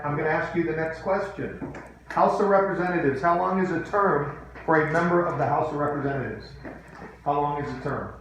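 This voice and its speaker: A man's voice: fairly high pitch, a little fast, fairly bright tone. A male teacher leading a classroom lesson, quizzing students by name in a firm, dryly teasing way. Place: echoey classroom. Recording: echoey room, faint background noise.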